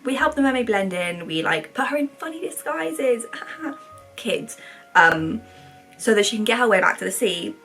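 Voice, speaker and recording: Brief: sarcastic young woman vlogger, slightly high voice, faint music behind. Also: animated, normal speed, a bit bright. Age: 20s. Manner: chatty, rambling, sarcastic. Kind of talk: casual commentary.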